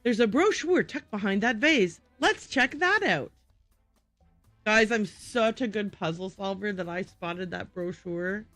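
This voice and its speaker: A woman livestreaming a game and chatting to her viewers. She is giggly and self-deprecating, and her pitch jumps around a lot. The sound is close and dry, with faint game music in the background. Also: lively intonation, a little slow, a bit bright, dry recording. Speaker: game streamer. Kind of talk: live gaming commentary.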